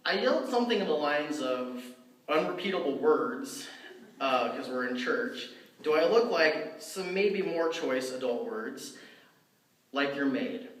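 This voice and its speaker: A man's voice: a little high, expressive, a little slow. A man giving a personal storytelling talk in a church, speaking conversationally with many fillers and restarts. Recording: roomy, from far off.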